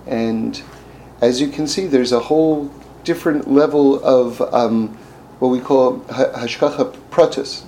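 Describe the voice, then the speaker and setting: A man teaching through a story, speaking haltingly with many restarts and fillers. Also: medium pitch, mellow, a little hiss or hum, rough recording. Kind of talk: storytelling lesson.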